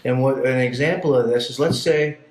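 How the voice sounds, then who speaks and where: In an echoey room, a Canadian podcast guest recounts his life story bluntly, casually and with plenty of profanity, doing voices for the people in his stories. He speaks briskly at medium pitch with a darkish tone, and there's a little hiss or hum.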